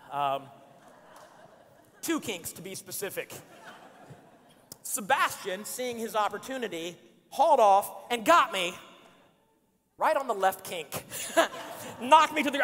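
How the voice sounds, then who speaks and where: A man in his forties telling an animated, joking story to a church congregation. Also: high-pitched, slight background noise. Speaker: speaker. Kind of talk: storytelling sermon. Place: church auditorium. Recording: long hall reverb in a church.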